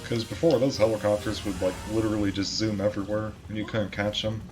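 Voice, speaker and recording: A man with a fairly low voice talks his way through a game, relaxed and chatty, now and then swearing or poking fun at himself. Loud game music and some keyboard clatter sit behind him. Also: fast talker, rough recording. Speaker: gamer. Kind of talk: casual gameplay commentary. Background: game music and keyboard typing.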